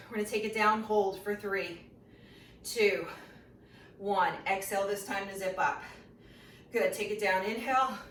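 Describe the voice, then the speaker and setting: A woman's voice: medium pitch, fairly bright tone. Woman, fitness instructor, a little out of breath, counting reps, echoey room, distant mic. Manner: counts reps and cues encouragingly while exercising. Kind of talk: guided workout class instruction. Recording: roomy sound from a distant mic with faint noise.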